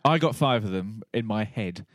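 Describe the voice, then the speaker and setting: A man's voice: on the low side, lively intonation, normal speed, no room sound. A man chatting on a podcast, cracking puns and setting quiz questions for his co-host. His voice rises and falls a lot. The sound is close and dry. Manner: jokey, punning, quizzing his co-host. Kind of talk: casual chat.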